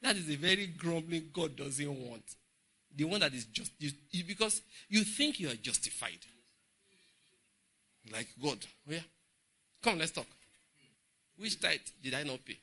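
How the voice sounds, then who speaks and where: A middle-aged man with a Nigerian English accent preaching a humorous, animated Bible study sermon in church. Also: a little high, measured pace, long pauses, breathy edge. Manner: humorous, laughing, animated storytelling. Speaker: pastor.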